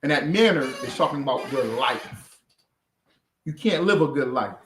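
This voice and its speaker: Male scripture teacher preaching to a class, forceful and repetitive, animated pitch, echoey room. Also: normal speed, a little hiss or hum. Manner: forceful, repeats phrases for emphasis.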